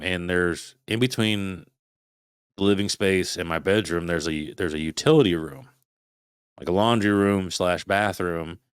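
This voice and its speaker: A man's voice: sits low, smooth, no echo, studio quality. A man in his thirties, a podcast guest, tells a story casually, swears freely, acts out his own past thoughts and imitates the noises he heard. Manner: imitates sounds while telling a story.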